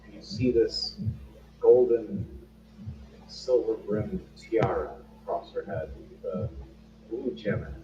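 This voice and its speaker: A man narrating as game master of a tabletop game in a relaxed, unhurried way, recorded distant in a roomy space with noise. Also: on the low side. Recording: roomy, distant, dull, noisy.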